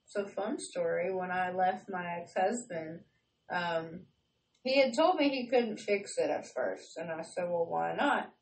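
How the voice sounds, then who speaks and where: A woman's voice: on the low side, a little slow. A brash woman laughing and swearing freely as she tells stories in a casual chat. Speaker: podcast co-host. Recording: echoey room, far from mic, faint noise.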